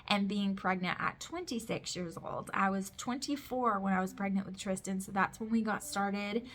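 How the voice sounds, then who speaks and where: A woman in her thirties talks straight to her viewers in a relaxed home vlog. Her talk is chatty and candid, with plenty of fillers and restarts, and her pitch sits in an ordinary middle range. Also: normal speed, a little hiss or hum. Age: 30s. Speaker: vlogger. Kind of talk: casual pregnancy update vlog. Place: home with kids heard in the background.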